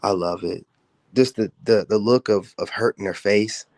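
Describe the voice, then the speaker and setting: Boastful and taunting, a man trash-talks through a casual livestream rant full of slang and profanity. He speaks at normal speed in a lowish, slightly mellow voice.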